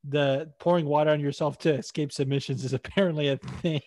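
A man's voice: fairly high pitch, fairly even intonation, fairly quick, darkish tone, dry recording. Casual, swearing man talking fights. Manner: rambling, swearing, laughs often. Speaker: podcast co-host. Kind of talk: casual MMA podcast chat.

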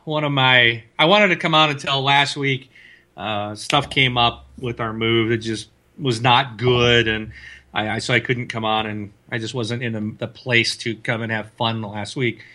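A man co-hosting a casual gaming podcast, an animated storyteller whose voice climbs high when he retells yelling at a friend. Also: unhurried. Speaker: podcast co-host. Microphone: desk mic, loosely mounted.

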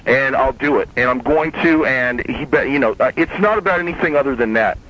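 A man's voice: medium pitch, fairly quick, a bit bright. A man telling a long, heated story in casual chat, profane and rambling, often restarting his sentences. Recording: dull lo-fi sound.

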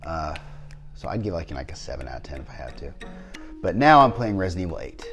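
Man, low voice, rambling chat, lots of fillers, faint music behind. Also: very animated, quick pace, a bit bright. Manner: rambling, many fillers and restarts. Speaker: podcast co-host. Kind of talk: casual chat.

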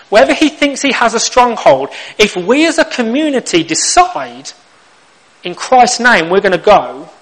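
A man's voice: high voice, a bit bright, poor audio. A young man preaching a sermon, telling stories with humor and acting out little exchanges. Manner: humorous storytelling, acts out lines.

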